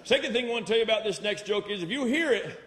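A male stand-up comic with a rural Vermont accent, telling jokes in a folksy, drawling way with rural grammar. His voice sits fairly high for a man. It rings through a large hall with a long reverb. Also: animated, rapid-fire, a bit bright. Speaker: stand-up comedian. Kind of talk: live stand-up comedy.

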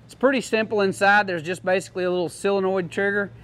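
A man's voice: high voice, fairly even intonation, fast, a bit bright, clear, resonant tone. A man giving a casual, joking product demo to a class, in a folksy manner. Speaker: product demonstrator.

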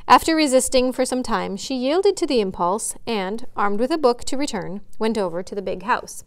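A woman, a children's librarian, reading a chapter book aloud in a friendly, measured way. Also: on the high side, lively intonation, clean tone.

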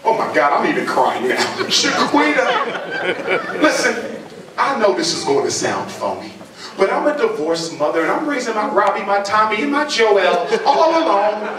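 A man's voice: high voice, wildly swooping pitch, moderate pace, crowd noise. A man voicing a schoolteacher woman who gushes with fake sympathy and then tattles to her principal. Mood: gushing. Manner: syrupy, sentimental, tattling. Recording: echoey hall heard from far off, audience.

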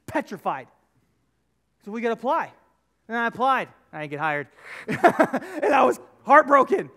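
A man's voice: very high-pitched, pushed and bright. A man preaching a sermon as pastor, telling personal stories in a conversational, emphatic way with lots of repetition. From United States. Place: church sanctuary.

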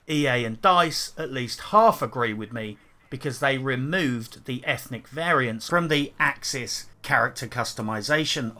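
Sharp-voiced man ranting profanely. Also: mid-range voice. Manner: profane, sarcastic and indignant. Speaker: game reviewer. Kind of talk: scripted ranting review.

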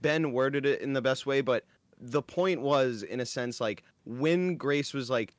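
Measured male stream panelist. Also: mid-range voice, dry recording.

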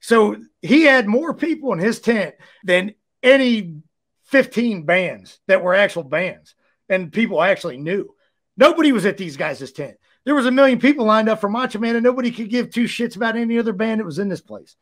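A man from Ohio, a former wrestler, telling stories as a guest in a casual, animated way, laughing often and leaning on "you know.". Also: high-pitched, moderate pace. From Ohio, USA. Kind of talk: casual storytelling.

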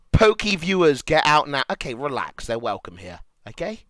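A young man with a British accent, streaming and reacting to posts in crude, casual chat, laughing loudly and muttering as he reads. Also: on the high side, sing-song, moderate pace, dry recording.

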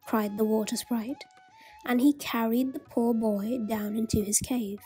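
A woman narrating a storybook tale, reading aloud slowly and gently. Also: fairly high pitch, fairly even intonation, husky, faint music behind. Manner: slow, gentle read-aloud.

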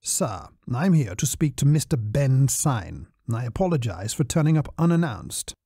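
Stiff posh colonel, clipped and formal, read by a man. Lively pitch. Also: normal speed, husky, dry recording, studio quality.

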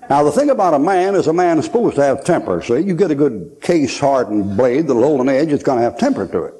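Older male preacher, folksy joker, warm mellow tone, animated pitch. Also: fairly quick. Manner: folksy, joking storyteller, laughs often. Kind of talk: sermon at a conference.

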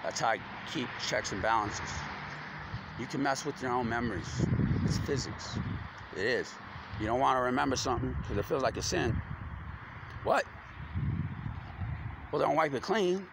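Speaking at normal speed with a mid-range voice, a man pauses often while he rambles loosely in slang, cursing as his thoughts drift. Loud traffic and street sounds run underneath the recording.

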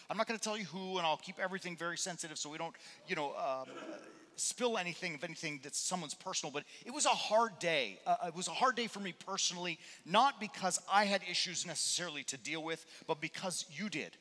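A man preaching a sermon as a pastor, telling a personal story in an animated, conversational way. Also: fairly high pitch. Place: church. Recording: long reverb of a church hall.

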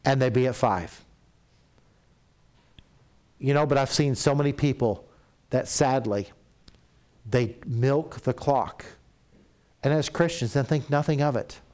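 A middle-aged man preaching a sermon in a church, telling stories and acting out quoted voices, at times dropping to a soft, confessional tone. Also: medium pitch, a little slow, pauses often.

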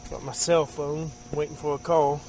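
Crude high-voiced man ranting. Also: flat delivery, normal speed. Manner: crude, blunt, rambling and profane. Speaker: vlogger. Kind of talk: casual profane rant while driving around. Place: in a car outdoors at night. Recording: night insects and road noise behind.

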